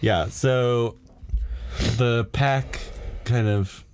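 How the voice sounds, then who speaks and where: A man co-hosting a podcast, recapping an episode in casual chat with playful, quick reactions. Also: mid-range voice, darkish tone, a little hiss or hum. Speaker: podcast co-host.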